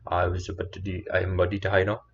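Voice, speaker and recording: A man's voice: sits low, monotone, fast, gravelly, a little hiss or hum. Earnest, rambling man on a dull recording. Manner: meandering, earnest, self-correcting. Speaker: storyteller vlogger. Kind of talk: rambling personal storytelling.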